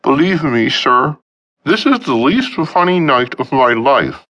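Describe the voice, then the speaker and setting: A man's voice: mid-range voice, very animated, normal speed, a bit bright, breathy edge, dull audio, pitched above the performer's own voice, exaggerated voice. A male narrator voicing a nervous, hapless young man who stammers and sounds flustered.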